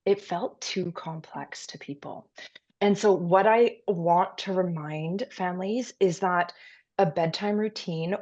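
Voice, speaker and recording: A woman guest on an interview podcast, explaining parenting advice in a calm, instructive and reassuring way. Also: lowish voice, takes it slowly, highs cut off. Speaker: pediatric sleep consultant guest.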